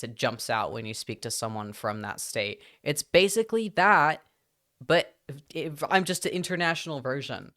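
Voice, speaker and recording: A British streamer talking casually to a live audience from a home setup, rambling and chatty with lots of side remarks. The voice is clear and smooth at a middling pitch, and the accent drifts slightly toward whoever is in the conversation. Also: fairly bright tone. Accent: British, drifting toward whoever they talk to. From Britain. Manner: rambling, chatty, trailing off into asides.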